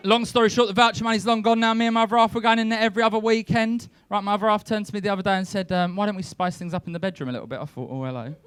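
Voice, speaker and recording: Deadpan comic with a smooth voice. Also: male voice, sits high, rapid-fire, hardly any pauses, no echo. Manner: deadpan storytelling with shouted rants. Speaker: stand-up comedian. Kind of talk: stand-up comedy set. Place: comedy club stage. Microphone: handheld stage mic.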